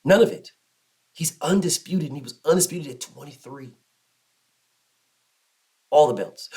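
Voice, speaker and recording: Male host, slightly high voice, emphatic and repetitive commentary rant. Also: sing-song, a little slow, pauses often. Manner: emphatic, repetitive, mocks others in low put-on voices. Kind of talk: passionate solo commentary rant.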